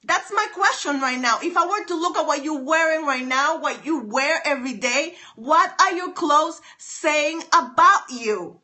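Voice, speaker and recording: A woman's voice: high-pitched, expressive, unhurried, hardly any pauses, bright, forceful tone. A woman hosting a live phone stream, giving an emphatic, preachy motivational talk, repeating her lines and answering viewer comments.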